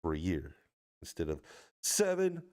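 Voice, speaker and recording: A man's voice: sits low, wildly swooping pitch, unhurried, a little mellow. A male podcast host, teasing his guest in a sarcastic, casual way. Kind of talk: casual chat.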